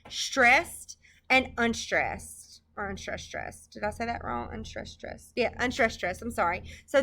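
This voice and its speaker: A woman's voice: on the high side, bright, forceful tone. A woman teacher talking through a poem in a recorded screencast lecture, conversational and checking in with her students as she goes.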